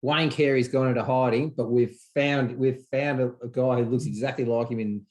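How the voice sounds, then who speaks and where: A man's voice: medium pitch, normal speed. Chatty Australian man hosting. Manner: relaxed, chatty, calls guest mate. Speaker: podcast host. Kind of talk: casual interview.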